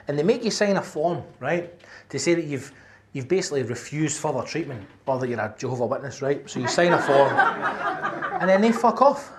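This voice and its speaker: High-voiced, sweary Glaswegian comedian. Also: male voice, quick pace, slight background noise. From Scotland. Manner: animated, sweary storytelling with acted-out shouts. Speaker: stand-up comedian. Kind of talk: stand-up comedy storytelling. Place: comedy venue with live audience. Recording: live stage mic, audience laughter.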